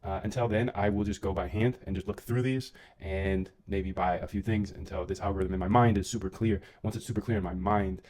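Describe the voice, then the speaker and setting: A man with a fairly low voice talks loosely through a live coding stream, full of slang and side comments to his chat. He chews food between lines while he works at his desk. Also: a little mellow. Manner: eating while talking. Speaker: livestreaming coder and trader.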